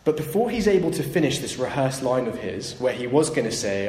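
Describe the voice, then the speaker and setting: A man's voice: medium pitch, lively intonation, fairly quick, hardly any pauses, a little mellow, a little hiss or hum. A man preaching a sermon, retelling a story and briefly acting out its characters' voices. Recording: echoey hall, faint ambience.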